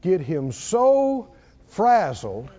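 A man's voice: high-pitched, big pitch swings, extremely slow, dark tone. A man preaching a sermon in a church, asking rhetorical questions and drawing responses from the congregation. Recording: muffled lo-fi recording.

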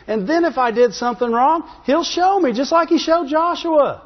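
A pastor with a high voice tells the sermon's story with humor and an easy, conversational manner, repeatedly checking in with "Amen?" He's animated, speaks at a normal speed, and hardly pauses, while the sanctuary's long reverb carries his words on a slightly dull recording.

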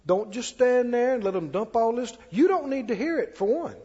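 Folksy preacher in an echoey hall. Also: male voice, very high voice, animated, normal speed, mellow, slightly rough. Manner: folksy, conversational preaching with asides. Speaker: pastor. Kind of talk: sermon. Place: church sanctuary. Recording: dull-toned, echoey church hall.

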